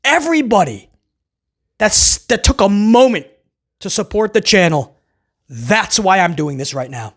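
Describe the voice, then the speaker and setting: A man's voice: sits high, very animated, unhurried, pauses often. A man hosting a casual wrestling review, talking sarcastically and rambling with stammered restarts. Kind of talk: casual video review rant.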